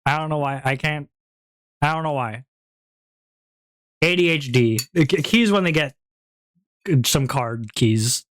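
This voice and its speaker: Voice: medium pitch, a little slow, long pauses, fairly bright tone, no room sound, studio quality. A streamer in casual stream chat, playful and rambling, with frequent giggles, talking into a home streaming mic.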